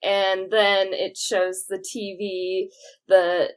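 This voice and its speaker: A woman co-hosts a podcast and talks through a film recap. She speaks slowly and easily, with a relaxed, chatty manner. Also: mid-range voice. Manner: relaxed and chatty, laughs often. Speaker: podcast co-host. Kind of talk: casual chat recapping a film.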